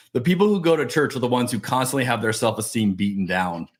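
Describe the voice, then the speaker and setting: A middle-aged man hosts a podcast interview. His voice sits in an ordinary middle range. He asks questions and tells stories in a relaxed, conversational, animated way. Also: medium pitch, fairly quick, slightly rough. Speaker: podcast host.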